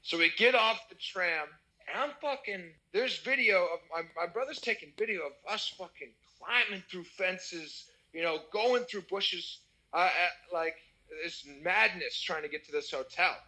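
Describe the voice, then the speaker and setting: A young American man telling a wild party story in casual chat, animated and swearing. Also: sits high, normal speed, rough recording. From United States.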